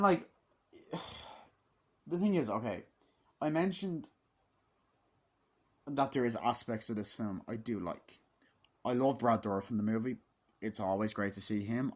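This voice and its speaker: A man with an Irish accent giving a casual, profane film review, acting out scenes in quick voices. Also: lowish voice. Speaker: movie reviewer.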